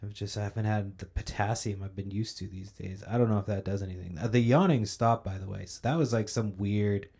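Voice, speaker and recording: A man's voice: fairly low pitch, fairly quick, hardly any pauses, mellow, slightly rough. A young man hosting a podcast, ranting in a casual, profane, rambling monologue and sounding a little sleepy. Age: young adult. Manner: profane, ranting, loose storytelling. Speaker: podcast host.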